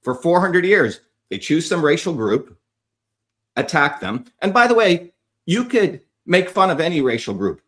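A man's voice: fairly high pitch, sing-song, unhurried. Furious profane man ranting. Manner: profane, shouting insults at commenters. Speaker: online commentator. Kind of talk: angry rant to viewers.

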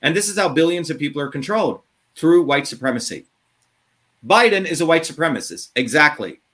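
A man ranting combatively in an interview, profane and heated, swinging between fast bursts and drawn-out words. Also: fairly high pitch, lively intonation, a bit bright. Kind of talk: impassioned interview talk.

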